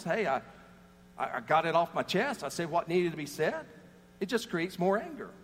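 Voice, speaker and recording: A man's voice: high-pitched, in a large hall, slight background noise. A man preaching a sermon, telling jokes and stories between scripture readings. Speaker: pastor.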